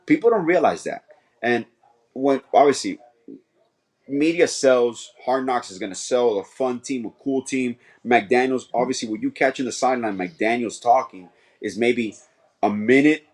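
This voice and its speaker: A man who coaches football, co-hosting a casual sports podcast and explaining plays earnestly. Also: medium pitch.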